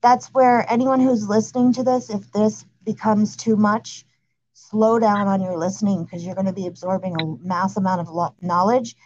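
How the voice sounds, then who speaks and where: A woman calmly and confidently explaining spiritual ideas in a casual conversation, speaking with assurance. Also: medium pitch, normal speed, dull audio. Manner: calm, assured, speaks of light codes. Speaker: spiritual guide.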